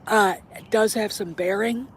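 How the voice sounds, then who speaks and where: A woman's voice: mid-range voice, steady tone, unhurried, a little hiss or hum. Blunt, opinionated woman vlogger. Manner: blunt, opinionated, swears freely. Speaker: host. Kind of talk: casual vlog chat.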